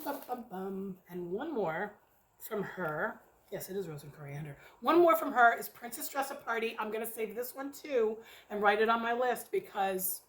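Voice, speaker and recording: A middle-aged woman from the United States chatting casually at home about wax she has tried, excitable and cursing now and then. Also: mid-range voice, slight background noise. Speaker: wax reviewer. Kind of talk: casual chat. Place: home near an airport.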